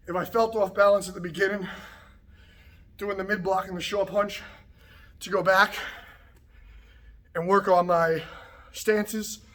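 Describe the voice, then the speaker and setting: Winded karate instructor coaching to camera. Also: male voice, high-pitched. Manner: relaxed, repetitive coaching with frequent okay and right. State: slightly out of breath after a workout. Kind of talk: casual instructional talk to camera. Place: martial arts practice space, indoors.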